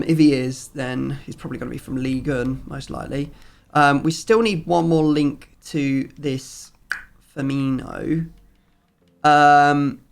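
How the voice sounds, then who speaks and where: Gravelly-voiced man rambling through gameplay. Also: a little high. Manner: chatty, rambling explanations with many fillers. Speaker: gaming video host. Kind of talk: casual gaming commentary. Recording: music playing faintly behind.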